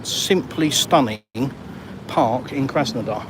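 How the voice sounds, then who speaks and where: A man's voice: mid-range voice, slow pace. A man chatting and joking with viewers while live-streaming on a walk outdoors. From England. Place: outdoors on a city street. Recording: outdoor street traffic noise.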